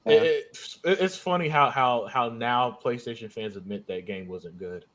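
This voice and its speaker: A man's voice: medium pitch, moderate pace, a crowd in the background. A man in a casual gaming chat who stammers and repeats his words.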